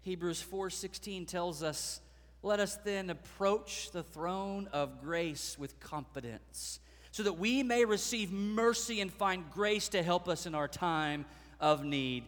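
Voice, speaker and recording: A man preaching a sermon as pastor, swelling into dramatic, loud passages and acting out voices from the stories. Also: sits high, takes it slowly, big-room sound.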